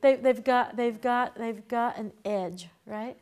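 Teacher, female, chatty and quick to laugh, fairly high voice, classroom feel. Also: a little mellow, smooth. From Boston, USA. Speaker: herbalism teacher. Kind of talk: casual classroom lecture.

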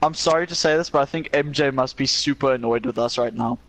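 A man's voice: medium pitch, fast, vocal fry, fairly bright tone, no room sound. A man chatting and joking with friends during a video game, laughing often. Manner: giggly, joking. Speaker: gamer. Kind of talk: casual game chat.

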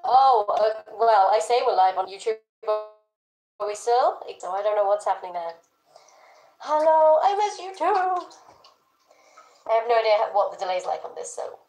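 A woman's voice: medium pitch, fairly even intonation, moderate pace, darkish tone. A young woman chatting playfully on a live stream, talking to her pets and her viewers. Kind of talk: casual live-stream chat. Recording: echoey room.

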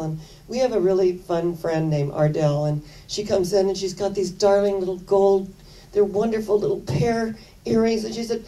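An older woman minister preaching in a low, mellow voice. She tells personal stories in an earnest, chatty way and leans on repeated phrases for emphasis. Her voice sounds distant, well off the microphone. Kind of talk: sermon with personal storytelling.

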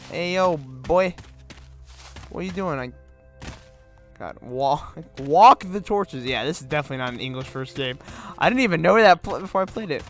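Excitable young man yelling over games. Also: a little high. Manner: loud, excitable, laughing, swearing. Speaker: gaming host. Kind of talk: let's play commentary.

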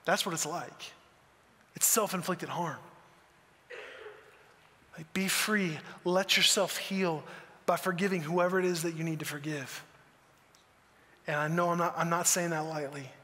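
Casting: male pastor, earnest conversational sermon, bright forceful tone, echoing church hall. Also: a little high, steady tone, unhurried, long pauses. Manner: earnest, conversational preaching with rhetorical questions. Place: church auditorium. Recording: long church hall reverb.

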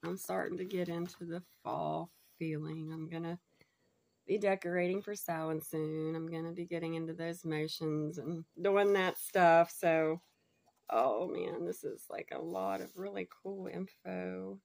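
Lady unboxing stuff, super gushy and excited, lowish gravelly voice. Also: unhurried. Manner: bubbly and gushing, laughs often. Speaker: unboxing vlogger. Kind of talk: casual unboxing chat.

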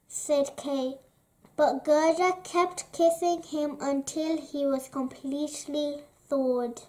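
A woman reading a children's story aloud in a gentle, expressive way. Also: sits high, takes it slowly. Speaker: storybook reader.

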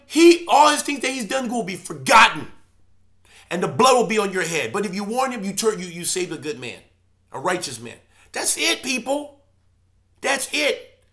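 A man's voice: extremely high pitch, lively intonation, normal speed, fairly bright tone. A man, a church elder, delivering an impassioned preaching monologue, emphatic and repeating his key phrases.

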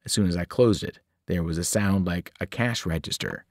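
A man, a teacher, narrating a novel aloud in an expressive storytelling manner. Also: low-pitched, moderate pace, no room sound, studio quality. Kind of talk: audiobook narration.

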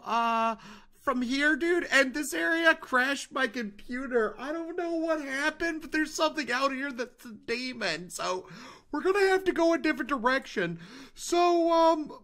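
A man narrating his own game play as a YouTuber, excitable and loud, repeating himself and calling his viewers dudes. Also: extremely high pitch. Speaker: gaming YouTuber. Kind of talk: excited let's-play commentary.

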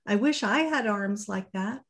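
A woman voicing a small, eager young male hare in a children's storybook reading, with high, excited declarations. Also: a little slow. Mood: wistful.

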